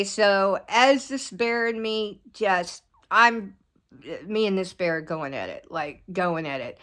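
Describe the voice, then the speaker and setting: A woman telling a long personal story to her viewers in a rambling, animated way. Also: medium pitch. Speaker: vlogger. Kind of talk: casual storytelling to camera.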